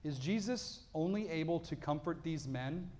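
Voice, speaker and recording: A man preaching a sermon as pastor, reading scripture and explaining it earnestly, rising to emphatic peaks and dropping to quiet lows. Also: expressive, moderate pace. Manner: reads scripture aloud, then explains it.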